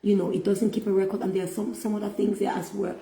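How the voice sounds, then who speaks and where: A middle-aged woman giving a faith-based self-help talk as a motivational speaker, speaking slowly and emphatically with preacherly repetition. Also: mid-range voice, little pitch movement, dark tone. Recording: echoey room.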